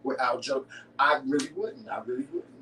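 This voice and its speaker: A man co-hosting a dinner-table vlog, teasing his husband in a sassy, dramatic, rapid-fire way. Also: medium pitch, sing-song, creaky, pushed and bright. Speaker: vlog co-host. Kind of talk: casual dinner chat. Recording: roomy, distant mic, faint noise.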